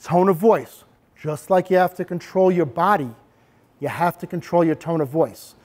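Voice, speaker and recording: A middle-aged man with a high voice presents a workshop to a room of parents. He demonstrates calm, assertive ways of speaking and talks the audience through them step by step. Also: normal speed. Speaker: anti-bullying presenter.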